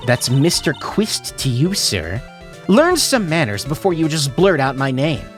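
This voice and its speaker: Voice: mid-range voice, big pitch swings, a little slow, faint music behind. A streamer voicing a rude, haughty male ventriloquist puppet who barks insults during a game read-along. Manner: insulting, bossy, unhinged.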